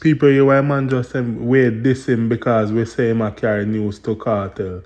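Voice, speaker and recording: A Jamaican man with a middle-pitched, ordinary voice speaks to his viewers in patois. He explains and condemns what the clips show in an indignant, conversational tone. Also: level tone, normal speed, a little mellow, lo-fi sound. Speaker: commentary host. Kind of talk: commentary on clips.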